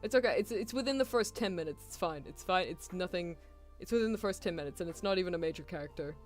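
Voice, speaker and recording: A woman's voice: fairly low pitch, expressive, quick pace, soft background music. A young woman with a British accent, chatting casually on a live stream and rambling animatedly, laughing and apologizing often. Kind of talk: casual chat.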